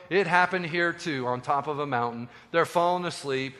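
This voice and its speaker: A man preaching a sermon as a pastor, animated and conversational with joking asides, in a hall with long reverb. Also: a little high, brisk, hardly any pauses.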